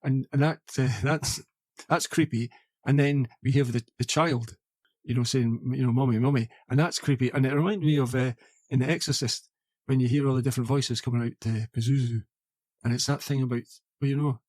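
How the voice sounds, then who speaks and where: A man's voice: mid-range voice, fairly even intonation, a little fast, a little mellow, no room sound. Rambling man on a podcast. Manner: rambling, many fillers and restarts. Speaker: podcast co-host. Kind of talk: casual film chat.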